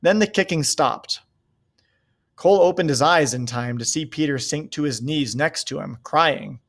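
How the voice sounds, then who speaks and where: A man reading a novel aloud in a steady, measured way. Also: on the high side. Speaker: reader.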